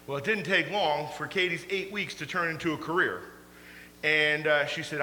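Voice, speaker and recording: A man preaching a storytelling sermon, animated and laughing through his stories. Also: on the high side, moderate pace. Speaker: pastor. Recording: echoey hall, faint hum.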